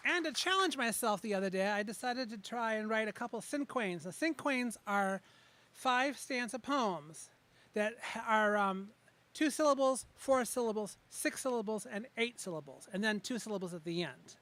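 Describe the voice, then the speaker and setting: A man with a high voice performs his poems live before a small audience at an open mic. His tone is bright and forward. He talks casually between pieces and leans hard on the words when he reads. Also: lively intonation. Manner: chatty asides between pieces, slow emphatic reading of poems. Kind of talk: open mic poetry reading with spoken introductions.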